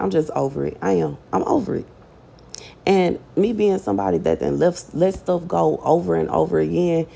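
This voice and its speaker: A woman's voice: deep voice, creaky, warm tone. A woman giving a casual prophetic message to her online audience, chatty and emphatic, with slang and scripture read aloud. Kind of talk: casual prophetic preaching to camera.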